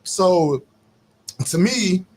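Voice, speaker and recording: A man's voice: high-pitched, drawn-out words, a little hiss or hum. A middle-aged man from Chicago, a podcast co-host, telling stories in casual chat and laughing as he goes. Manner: animated storyteller, laughs while telling stories.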